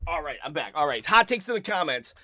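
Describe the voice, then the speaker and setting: A man with a high voice hosts a casual live stream from home, rambling through viewer comments with many restarts. He sounds a little out of breath, and the sound is dry and close. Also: big pitch swings, fast talker, sharp tone, no room sound. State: a bit out of breath. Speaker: live-stream host reading chat.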